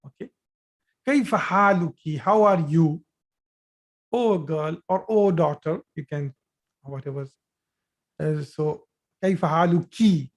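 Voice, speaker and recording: Over a video call, a man with a high-pitched voice teaches Arabic grammar live through his computer mic. He goes through each point patiently, says example sentences more than once, and frequently pauses, using fillers and starting over.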